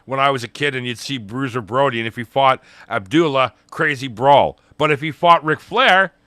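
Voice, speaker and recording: A man's voice: medium pitch, normal speed, bright, forceful tone, no room sound, studio quality. A middle-aged man co-hosting a podcast, chatting casually and enthusiastically about a wrestling show. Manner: enthusiastic, retells promos in quoted voices. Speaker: podcast co-host. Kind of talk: casual wrestling review chat.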